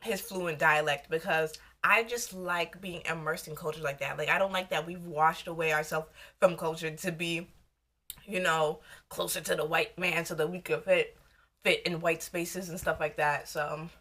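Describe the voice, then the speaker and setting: This young American vlogger has a deep voice, pushed and bright, with fairly even intonation and a moderate pace. She rambles casually and candidly while eating on camera for a mukbang.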